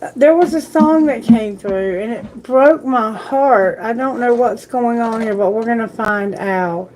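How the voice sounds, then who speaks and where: A woman hosts a live tarot reading in an unhurried, deliberate way, her voice sitting a little high. She talks earnestly and sympathetically to her viewers and to Spirit. A faint background noise runs under her voice. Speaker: tarot reader.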